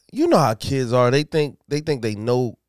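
Animated man telling stories. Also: unhurried, smooth, dry recording, clean studio sound. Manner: animated, swearing, voice jumps high in quoted outbursts. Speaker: podcast co-host. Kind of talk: casual chat, storytelling.

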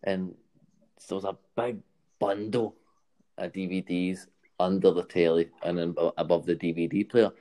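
A Scottish man tells a story in a loose, rambling way, checking in with his listener as he goes. His voice is very low and mellow, with a soft, dark tone. It sounds like an easygoing podcast chat. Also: fairly even intonation, normal speed. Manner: rambling anecdotal delivery with frequent "right?" and laughs.

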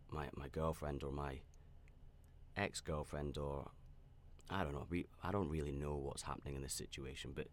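A man hosting a podcast, telling a personal story in a rambling, candid and reflective way, with frequent restarts and fillers. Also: very deep voice. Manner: reflective and self-aware. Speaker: podcast host.

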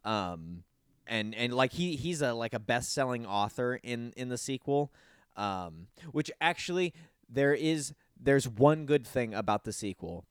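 A man hosting a podcast in casual chat, animated and swearing, jumping into high squeaky voices to mimic people. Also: a little slow, clean tone, no echo, clean studio sound. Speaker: podcast host.

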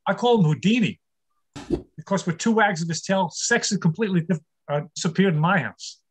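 A man's voice: high-pitched, brisk, breathy edge. An older man performing a stand-up comedy set, telling wry, self-deprecating jokes about his marriage.

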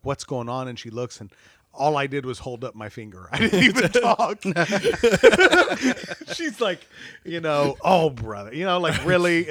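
A man telling a self-deprecating story in casual chat, animated and laughing often. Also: medium pitch, dry recording, studio quality. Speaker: church staff guest.

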